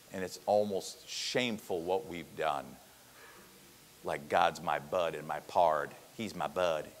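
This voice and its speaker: Guy pastor preaching, pitch all over the place, swings from hushed to shouting, big echoey church hall. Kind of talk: sermon.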